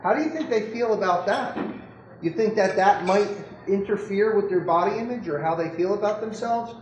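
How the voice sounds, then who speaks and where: A man with a high voice gives a relaxed, jokey medical lecture and keeps throwing questions at the audience. The sound is roomy and echoey, with a faint hiss of noise underneath. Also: moderate pace. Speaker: doctor giving a lecture. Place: lecture room.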